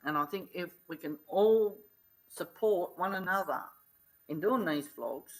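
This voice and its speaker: A woman's voice: on the low side, measured pace, slight background noise, low-quality recording. A middle-aged woman vlogging, earnestly retelling events in blunt, casual talk. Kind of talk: casual storytelling vlog.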